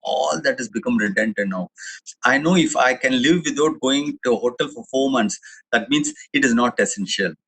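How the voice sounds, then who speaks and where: A man's voice: medium pitch, normal speed, a bit bright, breathy edge, rough recording. A middle-aged man with an Indian English accent giving a chatty, digressive webinar talk, full of restarts and fillers. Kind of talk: anecdotal public talk.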